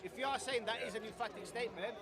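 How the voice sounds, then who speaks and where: A man making pointed arguments in a public outdoor debate. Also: sits high. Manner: measured, pointed questioning. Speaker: Muslim street debater. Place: outdoor public park with crowd. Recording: loud outdoor crowd behind.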